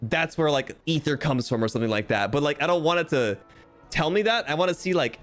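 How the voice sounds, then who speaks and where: Lively, animated young man streaming a game. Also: fairly high pitch, brisk, soft background music. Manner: animated, swears freely, chatty and self-mocking. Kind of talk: casual livestream chat while reading game text aloud.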